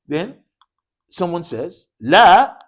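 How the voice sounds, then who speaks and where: In a mosque classroom, an animated male teacher leads an Arabic lesson with call-and-response drills. His husky voice sits high and moves slowly as he quizzes the class with repeated "what?" prompts, mixing English with short Arabic phrases.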